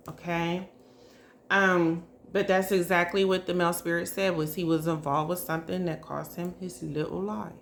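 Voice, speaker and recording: A woman's voice: on the low side, slight background noise. A woman giving a casual psychic reading to her viewers, chatty and hesitant, often checking in with "okay?" and "y'all". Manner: hesitant, full of hedges and fillers. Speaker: psychic reader. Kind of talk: casual spiritual reading to camera.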